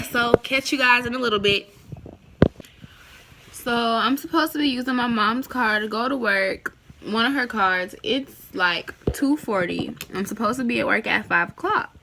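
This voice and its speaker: A young woman talking casually to her phone camera in a chatty, slangy, rambling way, partly outdoors by a parked car. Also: fairly high pitch. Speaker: vlogger. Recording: loud street noise outdoors.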